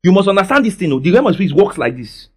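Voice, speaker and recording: A man delivers a sermon in a high, lively voice. He leans on call-and-response and swings from soft to loud. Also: racing. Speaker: pastor. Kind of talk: preaching a sermon.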